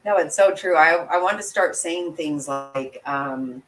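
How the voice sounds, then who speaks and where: A woman's voice: deep voice, fairly even intonation, normal speed, hardly any pauses, a little hiss or hum, low-quality recording. A woman hosting a casual livestream, chatting with viewers, laughing often and poking fun at herself. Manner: chatty, giggly, self-deprecating. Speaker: commentary channel host.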